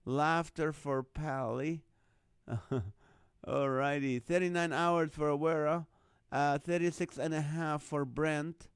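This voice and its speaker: A man's voice: fairly high pitch, fairly even intonation, slow, clean tone, no room sound, studio quality. Chuckling man hosting a live stream. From Middle East. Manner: jokey, laughs often, chuckling while reading names and numbers. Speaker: host of a live online show. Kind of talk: casual live-stream chat reading viewer comments.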